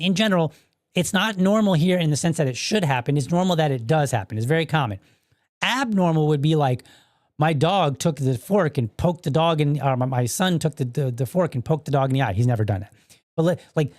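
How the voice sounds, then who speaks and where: A man's voice: on the high side, no room sound, clean studio sound. A man in his thirties hosting a solo podcast, explaining his views in a conversational way with rhetorical questions and frequent restarts. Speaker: podcast host. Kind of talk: casual solo commentary.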